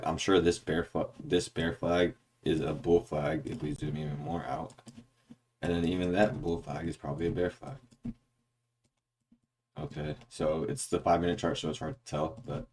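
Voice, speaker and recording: This man's voice is low, gravelly, husky, and a bit dark in tone. He's chatting through a trading chart breakdown in the early morning, wandering onto tangents, correcting himself as he goes, and hiccuping occasionally.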